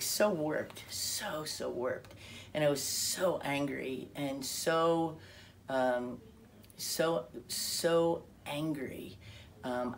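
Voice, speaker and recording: Woman, low voice, personal testimony, acted-out dialogue, restarts, faint hiss behind. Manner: animated storytelling with quoted dialogue and self-interrupting restarts. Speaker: speaker telling her testimony.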